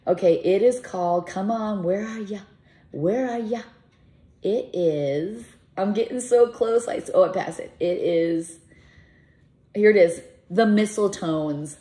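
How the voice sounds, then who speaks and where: A woman's voice: mid-range voice, unhurried. A middle-aged woman vlogger, a mother, chatting casually to camera in a rambling, emotional way. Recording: echoey room with soft music.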